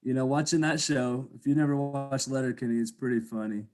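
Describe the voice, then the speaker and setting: A man co-hosting a casual podcast chat, telling stories in an animated way and laughing often. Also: mid-range voice, brisk, music in the background. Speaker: podcast co-host.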